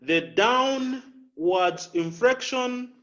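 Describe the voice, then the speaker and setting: Man, public speaking coach, slow deliberate delivery, repeats key phrases, dull lo-fi sound. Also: very high voice, a bit bright. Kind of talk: instructional talk with spoken examples.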